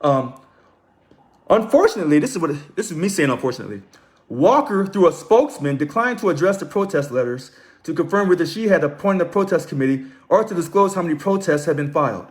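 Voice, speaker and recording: A man's voice: a little high, animated, a little fast. A man hosting a casual live stream, reading aloud, commenting and greeting viewers by name. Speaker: livestream host.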